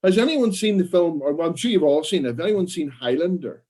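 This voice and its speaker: A man co-hosting a live panel podcast, telling anecdotes in a loose, swearing, animated way. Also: fairly high pitch, brisk. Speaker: podcast co-host. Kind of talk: casual panel chat.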